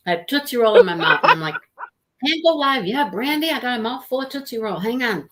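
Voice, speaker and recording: A woman's voice: a little high, animated, fast talker, background noise. A woman hosting a live book discussion, chatty and greeting viewers by name. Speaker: book club host. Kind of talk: casual live-stream chat.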